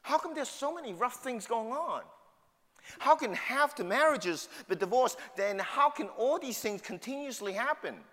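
A man's voice: very high-pitched, lively intonation, normal speed, fairly bright tone. A middle-aged man with a New York City accent preaching a sermon, emphatic and full of rhetorical questions. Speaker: pastor. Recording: long hall reverb.

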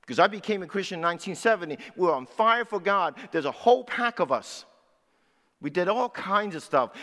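A man in his sixties preaching a sermon as pastor, swinging between loud emphatic lines and low, quiet asides. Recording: long hall reverb.

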